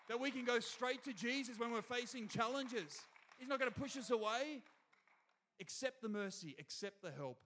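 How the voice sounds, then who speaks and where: Standing before his congregation in a church hall, an Australian pastor preaches a sermon with a high, bright voice and lively energy, often calling out to the people in front of him.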